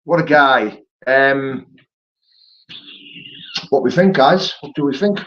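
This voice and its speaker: A man's voice: medium pitch, takes it slowly, dull audio. A man, a fighter chatting casually on his live stream and answering viewer comments, full of "mate" and "you know". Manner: matey, peppers talk with "mate" and "you know".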